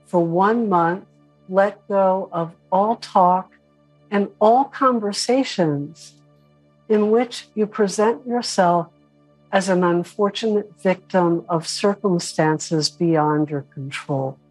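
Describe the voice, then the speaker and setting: A woman teaching an online spiritual class in a casual, animated way, now and then mimicking whiny voices. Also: mid-range voice, slow pace, faint music behind, rough recording.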